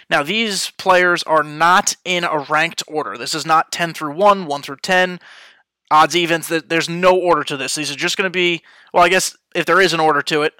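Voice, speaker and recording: Bright, crisp-voiced man hosting a podcast. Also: fairly high pitch, dry recording. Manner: chatty, off the cuff, frequent fillers. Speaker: podcast host. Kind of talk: casual podcast chat. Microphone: headphones and studio mic.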